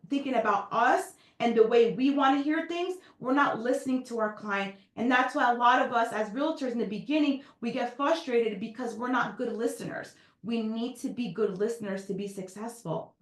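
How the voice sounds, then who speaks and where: A woman coaches real estate agents through a slide presentation. Her voice sits high and lively, and she slips into little acted exchanges with clients. The sound carries a noticeable room echo. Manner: animated, acts out client dialogues.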